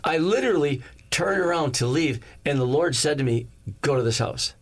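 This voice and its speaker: Animated male pastor telling a story. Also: a little high, normal speed. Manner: animated, acts out each character's lines in the story. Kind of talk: storytelling sermon.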